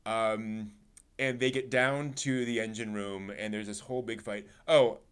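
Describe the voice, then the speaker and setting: A man's voice: fairly low pitch, measured pace, clean tone. A man hosting a casual anime discussion podcast, retelling a scene with lots of fillers and acting out the characters' lines. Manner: animated storyteller, acts out quotes. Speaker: podcast host.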